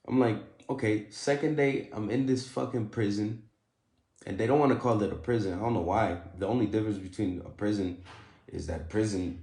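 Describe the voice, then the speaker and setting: A man's voice: lowish voice, vocal fry, darkish tone, echoey room. A young man telling a story to camera in a blunt, profane and heated way. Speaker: vlogger. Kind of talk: casual storytelling vlog.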